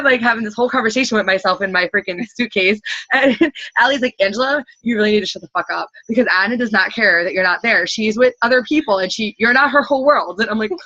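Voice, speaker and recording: A woman's voice: on the low side, a bit bright, dry recording, dull audio. A woman in her thirties leading a team call, gushing and rambling with lots of "like". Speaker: team leader hosting a group call. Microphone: computer call audio.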